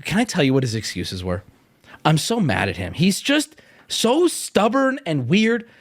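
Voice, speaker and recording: A man's voice: on the high side, a little slow, dry recording. A man streaming, telling stories in casual chat with lots of swearing. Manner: animated, profane storytelling.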